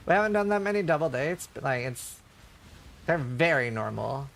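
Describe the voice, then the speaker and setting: A man's voice: fairly high pitch, lively intonation, normal speed, creaky, a bit bright. Rambling man on a casual stream. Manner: rambling storytelling, heavy on fillers. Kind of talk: casual livestream chat.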